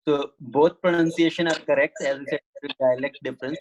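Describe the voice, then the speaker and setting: A man's voice: fairly high pitch, steady tone, fairly quick, few pauses, low-quality recording. A man teaching a Sanskrit writing class over a video call, explaining patiently to students.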